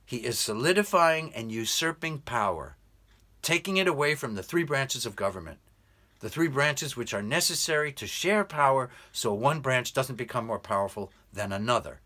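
Bright-voiced man in urgent commentary. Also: mid-range voice, animated. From United States. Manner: earnest, urgent, emphatic with slow deliberate stresses. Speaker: English tutor. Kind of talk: political commentary monologue.

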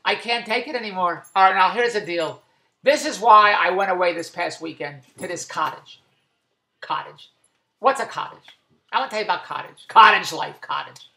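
A man rants for laughs, his voice pitched high and sharp as he fires off exasperated rhetorical questions. The room around him is bare and echoey, so every outburst rings back. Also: moderate pace, creaky. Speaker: vlogger. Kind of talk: comic rant to camera.

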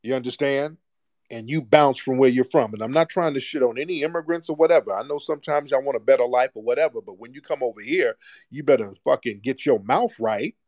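A man's voice: mid-range voice, brisk, darkish tone, dry recording, studio quality. Profane, fired-up man hosting a call-in. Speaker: host of a live audio call-in space. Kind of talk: heated call-in talk show.

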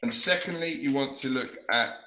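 A man teaching English pronunciation on a video call, modelling words slowly and carefully. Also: medium pitch, roomy sound, noisy background. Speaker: English tutor. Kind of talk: online pronunciation lesson.

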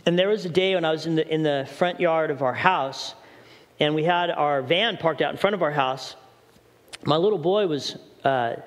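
A middle-aged man preaching a sermon as pastor, urgent and questioning the congregation directly. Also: a little high. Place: church hall. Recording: long church hall reverb.

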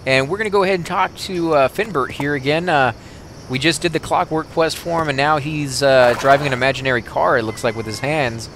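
A man's voice: fairly high pitch, fairly quick, slight background noise. Man hosting a game walkthrough. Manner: relaxed, explanatory, filler-heavy. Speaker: host.

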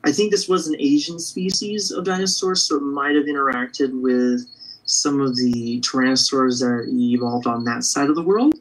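A man's voice: mid-range voice, moderate pace, rough recording. A man drawing live and chatting with viewers in an upbeat, casual way, thinking aloud as he sketches. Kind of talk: casual livestream chat while drawing.

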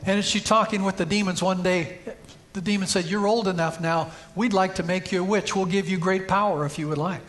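Guy preaching in church, pretty high voice, tells stories then gets loud and punchy. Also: steady tone, fairly quick. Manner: storytelling preacher, rising to emphatic peaks. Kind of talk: sermon. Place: church sanctuary.

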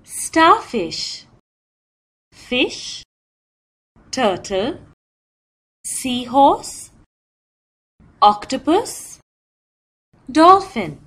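A woman narrating a children's learning video. She names each item slowly and distinctly and imitates animal cries playfully. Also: high voice, sing-song, fairly bright tone, breathy edge. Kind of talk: slow, clear teaching narration for young children.

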